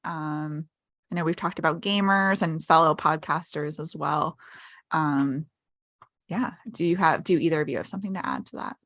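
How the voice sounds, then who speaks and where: Upbeat female co-host, low-ish bright voice, casual. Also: moderate pace, no echo, clean studio sound. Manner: upbeat, chatty, many "um"s. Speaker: podcast co-host. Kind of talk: casual chat.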